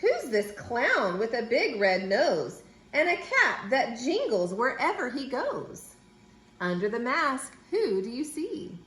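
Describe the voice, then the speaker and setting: Slow, sing-song woman reading a storybook. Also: echoey room. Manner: sing-song, expressive, with playful squeaky character voices. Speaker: teacher reading aloud to children. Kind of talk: children's storybook read-aloud.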